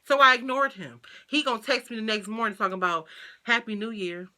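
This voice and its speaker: A woman talks through a casual storytime, animated and full of slang and asides to her viewers. Her voice is very bright and sharp. She swears freely and keeps a loose, chatty flow. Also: on the high side, a little fast. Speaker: vlogger.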